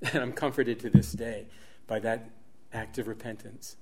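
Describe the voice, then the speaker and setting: A middle-aged man preaching a sermon, swinging dramatically between hushed near-whispers and loud, emphatic peaks. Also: medium pitch, fairly even intonation, normal speed.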